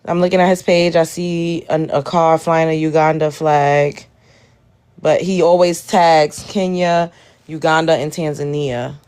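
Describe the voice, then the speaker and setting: In a deep, clean, darkish voice with fairly even intonation, a woman comments casually on her live stream at a measured pace. She reacts to a video and, exasperated, speaks directly to her chat.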